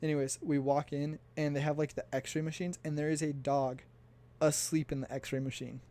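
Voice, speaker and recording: A man's voice: fairly high pitch, flat delivery, moderate pace, warm tone. A young man from the United States casually telling a story for his vlog, chatty and laughing as he recounts. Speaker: vlogger.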